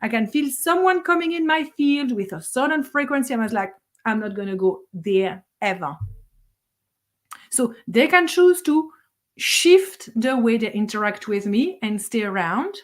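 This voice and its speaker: A woman's voice: sits high, expressive, normal speed. A middle-aged woman, a spiritual teacher, giving a blunt, fiery motivational monologue, swearing for emphasis and laughing between points.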